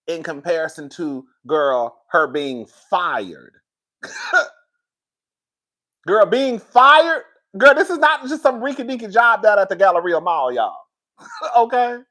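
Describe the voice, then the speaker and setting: A woman talking casually to her viewers on a live stream, reading their comments and getting loud and excited when she is worked up. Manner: animated, swings high and loud when worked up.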